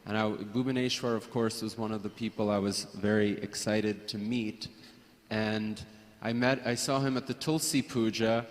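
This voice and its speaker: A man's voice: fairly low pitch, steady tone, normal speed. Hesitant man reminiscing in a reverberant hall. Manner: hesitant, with frequent restarts and soft laughs. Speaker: speaker at a memorial gathering. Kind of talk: personal reminiscence.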